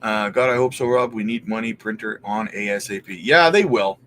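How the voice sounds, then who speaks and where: A man's voice: on the low side, moderate pace, slight background noise. A Canadian man hosting a casual crypto livestream, reading out viewer questions and thinking aloud as he looks things up. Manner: relaxed, thinks aloud while looking things up.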